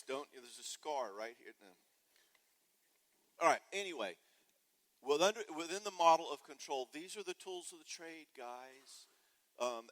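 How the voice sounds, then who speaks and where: A man's voice: mid-range voice, low-quality recording. A man from the United States giving a humorous parenting talk at a church conference, joking and acting out kids and parents. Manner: joking, animated, does voices of kids and parents. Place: church hall.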